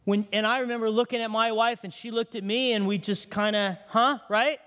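Middle-aged male pastor, raised pitch, emotional testimony that turns hushed, reverberant hall. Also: fairly even intonation, fairly quick. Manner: emotional storytelling, drops to hushed tones. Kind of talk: sermon testimony.

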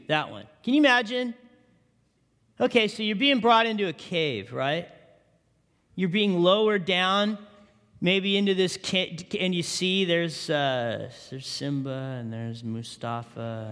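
A man's voice: a little high, fairly bright tone. A male pastor preaching a sermon, often asking the congregation questions. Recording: long reverb of a large hall.

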